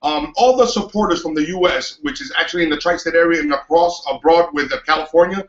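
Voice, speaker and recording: New guy, quick rambling chat full of "um"s, slightly high voice, echoey dull recording. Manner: rambling, many fillers and restarts. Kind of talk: casual chat. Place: outdoors in New York City.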